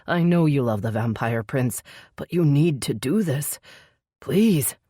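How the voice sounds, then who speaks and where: A brooding male elf heir, gruff and curt, growling out his words, as a woman narrator puts him on. The voice sits very low and is dry and close, an audiobook read. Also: lively intonation, a little slow, mellow, no echo, full character voice. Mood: grieving. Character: brooding male elf crown prince, stern.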